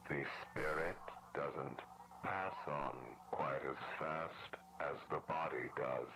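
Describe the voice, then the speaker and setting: A man voicing a sinister male rabbit spirit in a suit in a horror game, talking slowly and menacingly. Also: extremely low pitch, a little hiss or hum, heavily acted. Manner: slow, creaky and menacing. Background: loud eerie game music.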